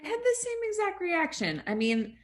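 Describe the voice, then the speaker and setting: A woman's voice: very high-pitched, very animated, moderate pace. Blunt woman in casual chat. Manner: blunt, disapproving.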